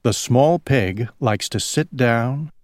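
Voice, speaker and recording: A man reading a children's story aloud slowly for English learners, drawing words out. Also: medium pitch, no echo, clean studio sound. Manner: slow, lively, drawn-out reading. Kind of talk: slow storybook read-aloud.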